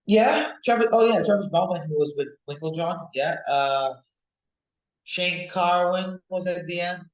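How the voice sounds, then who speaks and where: A young man, a mixed martial arts fighter, talking casually and excitedly in an interview, rambling from one thought to the next. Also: sits high, measured pace, lo-fi sound. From United Kingdom. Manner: rambling, excitable, animated when recalling fights. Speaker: MMA fighter, interview guest. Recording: echoey room.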